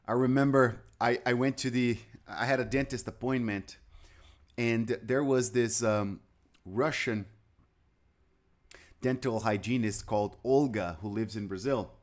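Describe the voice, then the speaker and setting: A male chess commentator calls moves on a live broadcast. His voice sits at a middle pitch, and he drifts into chatty anecdotes between the moves. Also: measured pace.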